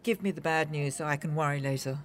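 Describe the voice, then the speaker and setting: An actress playing a vain older film star, dramatic and gushing, swinging between sharp and tender. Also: female voice, low-pitched, fast talker, lightly acted.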